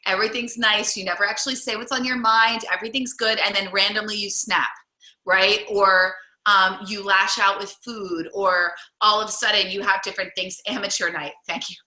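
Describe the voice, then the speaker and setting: A woman's voice: mid-range voice, fairly even intonation, moderate pace, sharp tone. A woman coaching a group on a call, chatty and encouraging, with many fillers. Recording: roomy echo.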